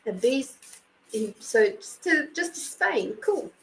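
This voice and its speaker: A woman's voice: high voice, sing-song, takes it slowly, vocal fry, rough recording. A woman hosting a casual live card reading, chatting with viewers by name and reading card texts aloud. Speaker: host and intuitive card reader.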